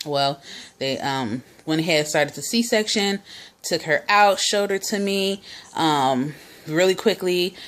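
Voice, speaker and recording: Low-voiced young woman telling her story. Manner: chatty, many fillers and quoted dialogue. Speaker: vlogger. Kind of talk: casual personal storytelling.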